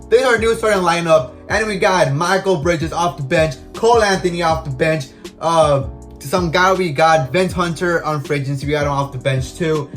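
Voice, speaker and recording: A young man with a slightly high voice narrates his video game session in loose, slangy commentary. He rants with open frustration, and faint music plays behind him. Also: normal speed, a bit bright. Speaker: gaming YouTuber. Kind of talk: casual gameplay commentary.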